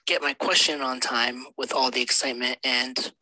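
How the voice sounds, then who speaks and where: A man leaving a relaxed recorded voice message for a podcast, with a few whispered asides. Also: medium pitch, moderate pace, no echo, rough recording.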